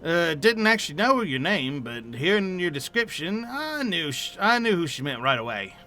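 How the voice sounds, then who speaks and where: A man voicing a gruff, brisk female guild proprietress from a video game, in a messy put-on mix of Boston and Cockney accents. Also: a little high, very animated, sharp tone, slight background noise, full character voice.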